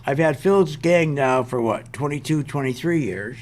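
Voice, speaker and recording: An older man hosts an investment show, ranting in an exasperated, emphatic way and hammering his points through repetition. His voice is on the high side, with lively intonation at a normal speed.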